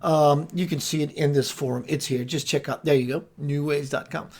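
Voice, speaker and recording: A man with a slightly raised pitch hosts a casual talk show. He is warm toward his guest in his words and playful in his delivery. At times he riffs freely on a phrase. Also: fairly even intonation, normal speed, slight background noise. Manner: effusive, playful, affectionate. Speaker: host.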